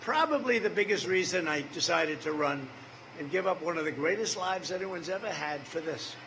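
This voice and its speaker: A man's voice: fairly high pitch, lively intonation, moderate pace, noisy background. A man in his seventies giving a campaign rally speech, rambling and repetitive, with off-the-cuff asides to the crowd. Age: 70s. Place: large rally venue.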